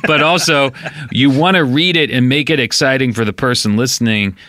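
A man co-hosting a podcast in casual comedic banter, speaking in a hesitant, halting way with a dry delivery. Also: mid-range voice, pushed and bright. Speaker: podcast co-host.

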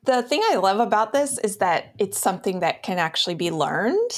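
Woman, interview host, curious, encouraging, mid-pitched voice. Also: animated, moderate pace. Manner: curious, encouraging listener who laughs along. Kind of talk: interview conversation.

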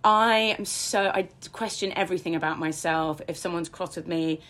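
A woman telling her personal story as an interview guest, frank and self-deprecating, her pace swinging between slow and quick. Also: lowish voice, fairly bright tone.

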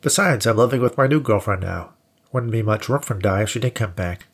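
A cornered, evasive man who whines and protests, as a male narrator puts him on. The voice is pitched a little above the reader's low, gravelly register and keeps a husky grain. It is an audiobook character voice. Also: a little fast. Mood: defensive.

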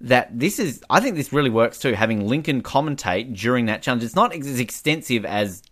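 A man's voice: mid-range voice, brisk. A man co-hosting a podcast, chatting casually and animatedly with lots of "like" fillers. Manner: animated, many "like" fillers, giggles often. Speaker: podcast co-host. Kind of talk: casual recap chat.

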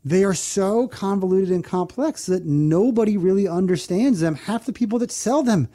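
A man hosts a radio finance show in an earnest, explanatory manner. His voice sits a bit high for a man, yet it sounds mellow and soft-edged. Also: animated. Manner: earnest, explanatory, repeats phone number slowly. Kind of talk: radio talk show advice.

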